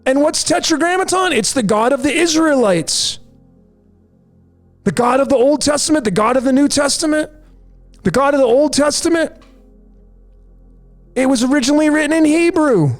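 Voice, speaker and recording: Very high-pitched male host, insistent slide-by-slide commentary, faint music bed underneath. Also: normal speed, long pauses. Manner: insistent, repeats "folks" and "there it is". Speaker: numerology channel host. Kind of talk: conspiracy commentary over slides.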